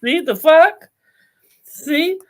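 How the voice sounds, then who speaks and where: A woman's voice: sits high, lively intonation, extremely slow. A woman co-hosting a casual TV recap chat, laid-back and profane, laughing often. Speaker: podcast co-host.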